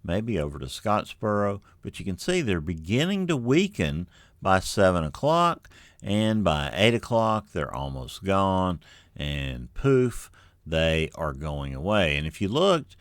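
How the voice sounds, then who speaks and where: Male meteorologist, deep and lively, dry close sound, easygoing and folksy. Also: dry recording. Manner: relaxed, folksy, many fillers. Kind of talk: unscripted weather briefing.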